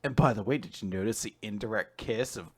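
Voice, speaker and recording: A man's voice: lowish voice, fast talker, slightly rough. A man co-hosting a casual manga recap podcast, retelling scenes and jumping into exaggerated character voices. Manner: animated, acts out characters' lines in exaggerated voices. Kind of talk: casual chat.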